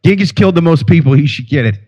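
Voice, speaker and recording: Podcast co-host, male, from Iowa, slightly higher voice, rambling and profane with constant restarts. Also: animated, fast, warm tone, slightly rough. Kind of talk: casual podcast banter.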